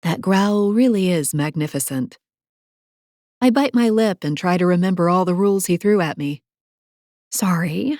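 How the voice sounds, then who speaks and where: Her voice is on the low side, darkish and animated at a normal speed as she narrates a first-person romance novel for audiobook. The studio-quality recording, made on a close mic, has no room sound, and she mixes in sassy, playful asides with breathy whispers at intimate points.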